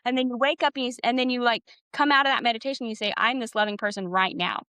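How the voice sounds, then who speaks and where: A woman's voice: fairly high pitch, steady tone, fast, pushed and bright, clear, resonant tone, dry recording. A woman coach in her thirties, guest on a podcast, explaining her ideas earnestly in a casual conversational way and acting out bits of inner dialogue.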